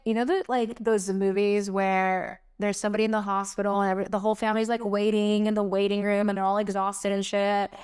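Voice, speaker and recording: Smooth-voiced young woman, rambling podcast host. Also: medium pitch. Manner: rambling storyteller, heavy on fillers, animated quotes. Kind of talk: casual chat.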